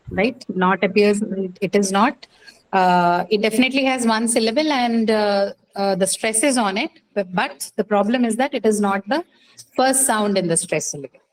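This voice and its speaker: A woman's voice: mid-range voice, rough recording. A woman teaching English pronunciation in a class, quizzing students patiently with many fillers and questions. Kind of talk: online class lecture.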